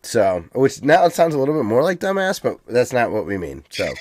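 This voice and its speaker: A brisk, sing-song American man with a medium-pitched voice co-hosts a podcast, with no room sound in the recording. His talk is casual and meandering, filled with ums.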